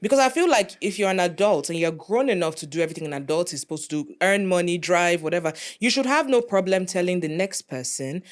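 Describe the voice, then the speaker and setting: A Nigerian woman co-hosting a casual talk show. She tells stories with animated energy, her pitch climbing high and dropping low as she acts out the people in them. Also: fast talker, few pauses. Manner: animated storyteller, acts out voices. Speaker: podcast co-host. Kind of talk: casual chat.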